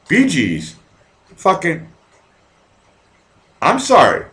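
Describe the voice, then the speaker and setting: A Massachusetts live stream host in his 40s, from near Boston, rants profanely as he chats with viewers and reads their comments. His mid-range voice is animated and moves at a moderate pace. He rambles, lurching from mumbles to loud outbursts.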